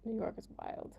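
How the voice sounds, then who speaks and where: A woman's voice: fairly high pitch, creaky, slightly rough, phone-quality sound. A young American woman from the Midwest with a Midwestern accent, chatting casually with viewers on a livestream, laughing often and saying "like" a lot. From United States, Midwest. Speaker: livestream host.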